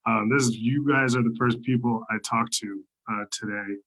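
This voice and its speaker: Over a video call, a man does stand-up in a meandering, filler-packed style full of "like" and "um." He has a medium pitch, fairly even intonation, a slightly bright sound, and normal pacing, captured in low-quality audio.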